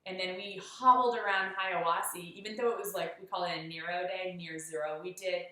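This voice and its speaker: A woman's voice: lowish voice, steady tone, a little fast, bright, forceful tone, very echoey, recorded from a distance, low-quality recording. A woman chatting casually through an after-show recap of a hike. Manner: chatty storytelling. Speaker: hiker vlogger.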